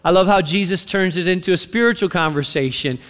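A male preacher delivering a sermon with animated, conversational storytelling and direct questions to the listeners. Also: sits high, a little fast, big-room sound.

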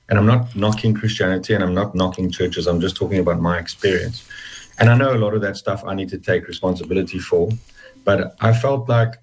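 A man telling his personal story as an interview guest, halting and reflective with many restarts, close to tears. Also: low-pitched, a little hiss or hum, poor audio.

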